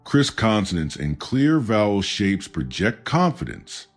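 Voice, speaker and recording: A man giving calm, measured, scripted narration of a self-help audiobook. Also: on the low side. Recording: faint background music.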